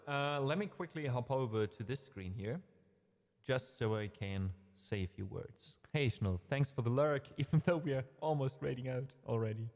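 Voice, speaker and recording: A man's voice: mid-range voice, darkish tone, big-room sound. A man hosting a casual music livestream, rambling a little, correcting himself and talking to his chat in a friendly way. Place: home streaming room.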